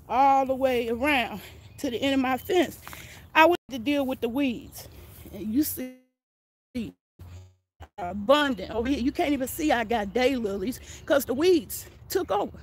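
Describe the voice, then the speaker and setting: A woman's voice: high-pitched, a little hiss or hum. An older woman, out of breath, chatting folksily as she walks viewers through her backyard garden outdoors on a phone. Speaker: gardening vlogger. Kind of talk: casual walking garden tour.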